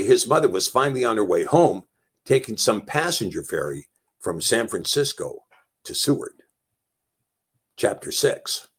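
A man's voice: fairly low pitch, breathy edge. A man reading a novel aloud as narrator, telling it plainly and lightly voicing the dialogue. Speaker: audiobook narrator. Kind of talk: scripted narration.

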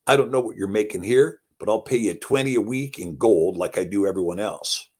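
A man's voice: fairly low pitch, a little fast, darkish tone, lightly acted. A man reading aloud and voicing a boastful, menacing cowboy prospector with a drawl. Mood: businesslike. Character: gruff flamboyant male cowboy prospector.

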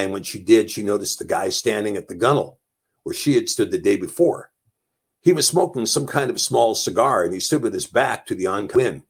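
Husky low-voiced man narrating a story. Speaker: audiobook narrator. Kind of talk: scripted narration.

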